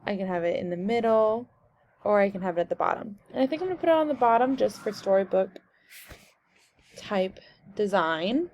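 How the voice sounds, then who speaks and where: A young woman walking through a software tutorial step by step in a casual, explaining way. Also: medium pitch, animated, fairly quick, slight background noise. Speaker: instructor.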